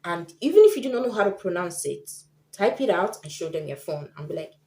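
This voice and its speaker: Woman vlogger, casual tips to camera, warm and lowish, lively quoting, echoey room. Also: brisk. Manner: chatty, acts out quoted people.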